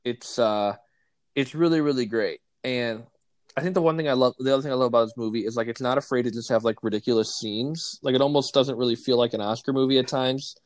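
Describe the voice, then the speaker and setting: A man co-hosting a casual movie podcast, relaxed and saying "like" constantly. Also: mid-range voice, fast, dry recording. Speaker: podcast co-host.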